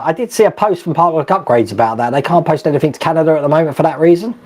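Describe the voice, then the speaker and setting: A man's voice: on the high side, darkish tone. A middle-aged man hosting a live stream, chatting casually, reading viewer comments and laughing often. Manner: chatty, laughs often, many fillers and restarts.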